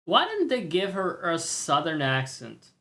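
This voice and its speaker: A man's voice: fairly high pitch, wildly swooping pitch, a little slow, pushed and bright, faint music behind. A man streaming live and reacting to a game trailer, ranting with opinions, swearing and mocking voices.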